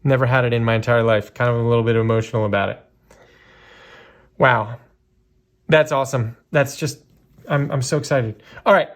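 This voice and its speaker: A man giving casual, chatty commentary while opening a box of trading cards, with lots of fillers and bursts of excitement. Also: mid-range voice, moderate pace, long pauses. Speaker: card breaker.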